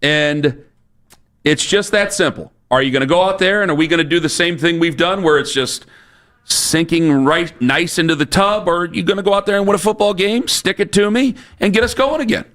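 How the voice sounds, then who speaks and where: A man's voice: high-pitched, a little fast, a bit bright. A man hosting sports talk radio, ranting in a fired-up, repetitive, challenging way on a studio microphone.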